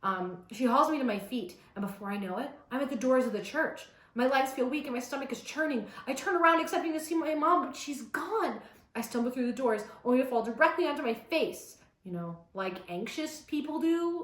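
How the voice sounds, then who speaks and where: Teen girl vlogger, high-voiced, sarcastic asides, roomy sound. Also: expressive, moderate pace, fairly bright tone. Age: teenager. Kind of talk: reading aloud with commentary. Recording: roomy echo.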